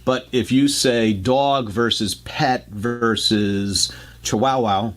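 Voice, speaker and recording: A man's voice: mid-range voice, slow pace, a bit bright. A man co-hosting a talk radio show, explaining ideas in a loose, chatty way with frequent restarts.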